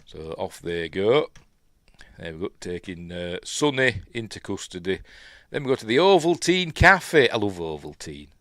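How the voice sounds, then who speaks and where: Deep-voiced Yorkshire man rambling through a film. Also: sing-song, moderate pace, fairly bright tone, dry recording, clean studio sound. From Yorkshire, England. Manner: rambling and chatty, with frequent ums and asides. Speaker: film reviewer. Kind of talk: casual commentary talking over a film as it plays.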